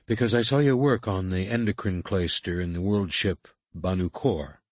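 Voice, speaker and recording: A man's voice: sits low, no echo. A man voicing a stern female master shaper. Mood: stern, measured. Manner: measured, quiet, authoritative.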